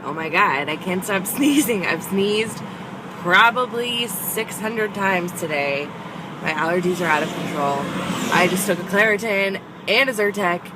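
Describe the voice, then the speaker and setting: A woman's voice: mid-range voice, lively intonation, noisy background. A young woman chatting casually to camera in a vlog. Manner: slow, chatty, cooing baby talk to her puppy. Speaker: vlogger.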